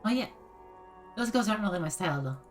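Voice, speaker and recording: A woman's voice: medium pitch, expressive, quick pace, music in the background. A woman streaming a game, playful and giggly, chatting casually and reading dialogue choices aloud.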